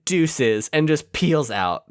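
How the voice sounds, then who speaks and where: A podcast co-host retelling a movie scene in casual chat, animated and laughing often. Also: mid-range voice, normal speed, dry recording, studio quality. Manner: animated storytelling with frequent laughs.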